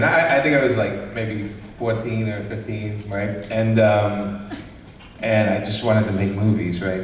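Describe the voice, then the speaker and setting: A man from Brooklyn spins a casual, laughing story for a live panel crowd and slips into voices for the people in it. He is picked up from well back in a big echoey hall with a long tail of reverb. Faint room noise sits under him. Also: fairly low pitch. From Brooklyn, New York. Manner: animated anecdote-teller, acts out quoted voices, laughs often. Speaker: comics creator hosting a convention panel. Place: large convention panel room. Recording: echoey hall, distant mic.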